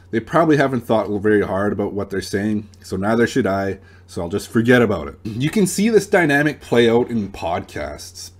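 A young man hosting an advice channel, talking in a relaxed, plain-spoken monologue with a few restarts. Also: mid-range voice. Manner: relaxed, plain-spoken, uses gun comparisons, some restarts. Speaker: dating advice channel host.

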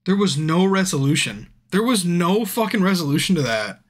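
A man's voice: high voice, big pitch swings, normal speed. Drunk, swearing man streaming a game. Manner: frustrated, swears a lot, talks to viewers by name. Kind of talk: casual live-stream chat.

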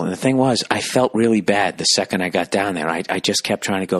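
A man hosting a podcast, telling a story in a profane, animated, exasperated way. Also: sits low, fast talker, few pauses, dry recording, clean studio sound. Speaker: podcast host, comedian. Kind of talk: ranting comic storytelling.

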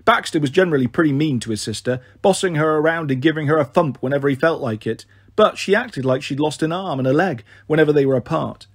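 A man narrating a children's novel in a steady, measured first-person reading. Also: fairly high pitch, slightly rough, no room sound, studio quality. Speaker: storyteller. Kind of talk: audiobook narration.

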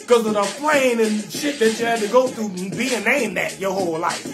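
A man hosting a live comedy stream, shouting out viewers and roasting their names in a loud, sing-song, laughing way. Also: sits high, normal speed, over music.

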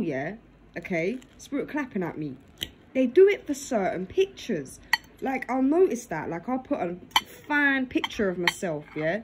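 Amid background noise, a woman with a mid-range voice vlogs casually over dinner, her phone in her lap in the living room, and she punctuates almost every phrase with "yeah?".

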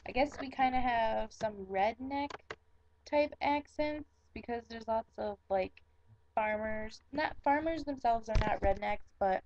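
Young woman, Michigan accent, chatty vlogger, slow and dry, slightly muffled. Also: on the high side, a little mellow, no room sound. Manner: chatty, self-conscious, repeating words slowly. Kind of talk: casual accent tag video.

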